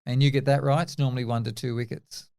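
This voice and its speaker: A man in his fifties with an Australian accent, a former test cricketer telling animated stories in an interview and acting out the dialogue. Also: mid-range voice, quick pace, gravelly. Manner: animated anecdotes, acts out quoted dialogue. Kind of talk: casual interview storytelling.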